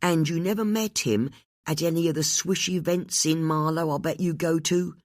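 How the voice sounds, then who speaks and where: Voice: mid-range voice, normal speed, dry recording, studio quality, pitched above the performer's own voice, close to an everyday voice. The audiobook narrator voicing a blunt woman who presses hard with her questions.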